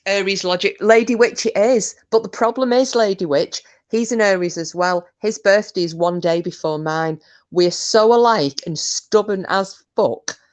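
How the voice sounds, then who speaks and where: Here a young female streamer chats through a story for her live audience, full of laughter, cursing and self-mockery. She speaks at a moderate pace in a mid-range voice.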